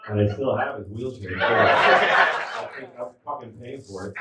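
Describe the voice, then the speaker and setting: A man in his fifties doing a stand-up set, telling stories in a lively way with acted-out quotes. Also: mid-range voice, normal speed. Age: 50s. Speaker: stand-up comedian. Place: indoor comedy club. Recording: echoey club, distant mic, noisy.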